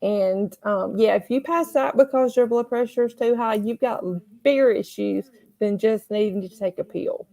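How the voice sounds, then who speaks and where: A woman's voice: on the high side, normal speed, vocal fry, few pauses, warm tone. A middle-aged woman hosting a casual livestream, chatting and reading viewer comments aloud. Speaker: livestream host.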